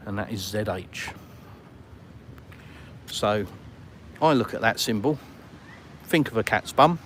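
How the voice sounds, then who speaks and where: A man's voice: lowish voice, a little hiss or hum. A British man chatting to live viewers on a walking vlog, rambling and self-deprecating, outdoors in a town. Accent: British English. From Britain. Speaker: vlogger. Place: outdoors on a town street with traffic.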